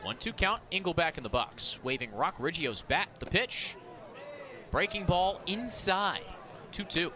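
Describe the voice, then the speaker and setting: A man with a somewhat high voice calls a baseball game live from the booth. His delivery is brisk and tight on the pitches and bursts into shouts on the big hits. Crowd noise from the stands carries clearly behind him. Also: lively intonation. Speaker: play-by-play announcer. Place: outdoor ballpark broadcast booth. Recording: outdoor ballpark crowd behind. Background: ballpark crowd.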